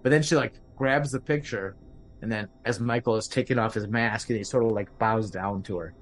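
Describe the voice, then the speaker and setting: A man's voice: lowish voice, fairly quick, a little hiss or hum, rough recording. Rambling man recapping a horror film. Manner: rambling, many fillers, acts out quotes. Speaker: podcast host.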